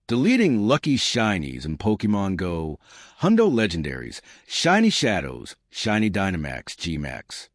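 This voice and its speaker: A man's voice: fairly low pitch, dry recording, clean studio sound. A man hosting his channel, speaking in a disjointed monologue that jumps between tips and numbered lists. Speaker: channel host.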